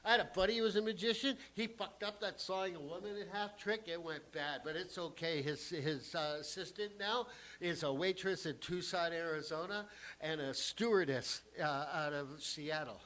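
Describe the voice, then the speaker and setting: A man's voice: a little high, normal speed, fairly bright tone. A male comedian telling an old vaudeville joke on stage, rambling, swearing and restarting as he loses his place. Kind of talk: live stand-up joke telling. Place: small cafe lounge stage.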